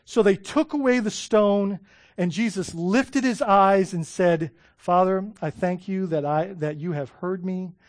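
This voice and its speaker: A man's voice: high-pitched, a little slow, dry recording. Earnest male preacher, dry close sound. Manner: earnest preaching with rhetorical questions and restarts. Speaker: pastor. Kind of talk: sermon.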